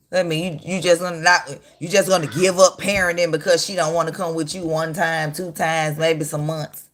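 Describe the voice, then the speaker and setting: A woman's voice: sits low, level tone, a little slow. A woman in her thirties hosting a casual livestream, reacting in a blunt, mocking and heated way. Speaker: livestream host. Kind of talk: casual live-stream commentary.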